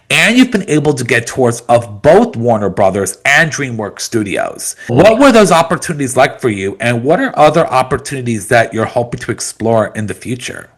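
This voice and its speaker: Lively bright-voiced male podcast host. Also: medium pitch. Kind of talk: casual interview.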